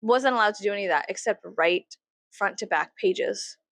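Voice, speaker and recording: A woman in her thirties from the United States, vlogging at home while she gets ready, rambling and swearing, mocking herself and breaking into loud laughs. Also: medium pitch, normal speed, no room sound. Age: 30s. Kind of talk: casual get-ready-with-me chat.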